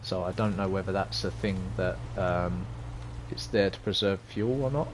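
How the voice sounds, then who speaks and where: A man's voice: low-pitched, normal speed, background noise. A young man casually commenting on a driving game as he streams live, rambling and hesitant, chatting with viewers. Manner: rambling, hesitant, chatty, reads chat aloud. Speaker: gaming streamer.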